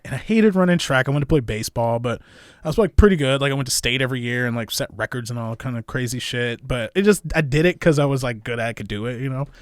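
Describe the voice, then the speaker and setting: Profane, animated young man telling stories. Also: medium pitch, dry recording, studio quality. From Illinois. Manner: profane, animated, acts out voices with laughs. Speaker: podcast guest, comedy club manager. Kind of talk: casual storytelling.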